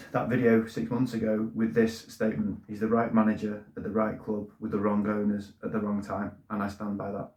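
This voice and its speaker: A middle-aged man, talking plainly about his football club in a casual monologue, often repeating words as he goes. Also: on the low side. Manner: plain-spoken, repeats words when emotional. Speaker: football fan channel host. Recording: echoey room.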